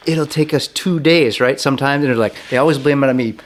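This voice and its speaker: A man's voice: mid-range voice, fast. A man in casual podcast chat, telling stories animatedly and acting out quotes. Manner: animated storyteller who acts out quotes.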